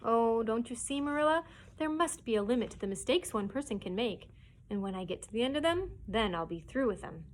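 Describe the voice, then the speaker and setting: A woman's voice: fairly high pitch, animated, fairly quick, slight background noise, natural voice. Lady reading as a dramatic little orphan girl, all breathless pleading. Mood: hopeful. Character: imaginative, dramatic orphan girl, about eleven.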